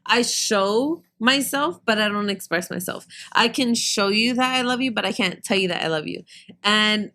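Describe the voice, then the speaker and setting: A woman telling a story in casual podcast chat, blunt and animated, acting out what people said. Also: mid-range voice, normal speed. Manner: blunt, animated, laughing, acts out dialogue. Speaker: podcast guest.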